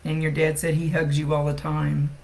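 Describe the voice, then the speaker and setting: A woman's voice: low voice, monotone, moderate pace, gravelly, a little mellow, a little hiss or hum, low-quality recording. A woman working as a psychic medium, giving a casual live-streamed reading. She talks bluntly, thinks aloud and swears freely.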